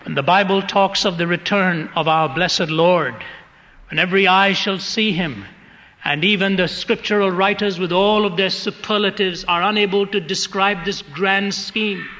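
A man's voice: high-pitched, steady tone, normal speed, pushed and bright. A man preaching a sermon, telling stories in an earnest, dramatic way. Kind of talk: sermon with storytelling. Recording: muffled recording in a reverberant hall.

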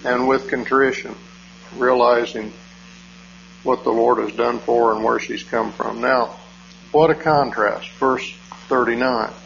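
A man preaching a sermon, retelling a scripture story earnestly with frequent pauses. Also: medium pitch, steady tone, vocal fry, fairly bright tone. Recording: dull lo-fi recording with mains hum.

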